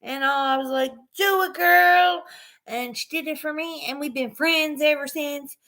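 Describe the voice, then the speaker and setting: A woman's voice: high-pitched, fairly even intonation, moderate pace, sharp tone. A woman vlogger in casual chat, rambling and laughing often as she talks. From Newfoundland, Canada.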